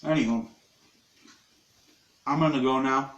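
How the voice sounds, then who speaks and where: A man's voice: medium pitch, fairly even intonation, a little slow, a bit bright, reverberant. A man hosting a casual live stream from his living room, joking crudely with viewers while he eats. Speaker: livestream host. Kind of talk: rambling casual live chat.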